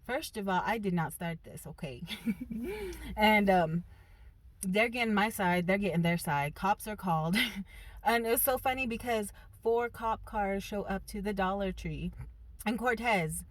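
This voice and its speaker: A woman vlogger telling a personal story in a casual, animated and emphatic way. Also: mid-range voice, a little slow, no echo.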